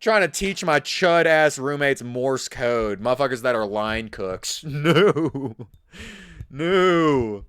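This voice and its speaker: A man's voice: mid-range voice, expressive, takes it slowly, a bit bright, clear, resonant tone. A man live-streaming, reacting in a casual, profane, incredulous and mocking way. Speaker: livestreamer.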